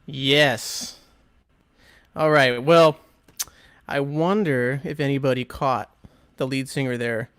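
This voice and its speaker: A man hosting a music podcast talks with eager enthusiasm, his voice smooth and clear. He fills his sentences with ums and asides. The sound is dry and close, with no room echo. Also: mid-range voice, steady tone, slow, long pauses, a bit bright. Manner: chatty, enthusiastic, full of fillers. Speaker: podcast host and record selector. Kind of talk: casual chat.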